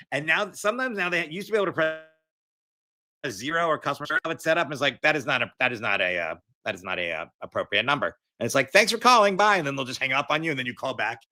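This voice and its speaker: A comedian guest, a man, chatting casually and ranting in an animated way, slipping into put-on voices to mimic others. His voice is extremely bright and sharp, at a middling pitch. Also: fast talker. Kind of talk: casual chat.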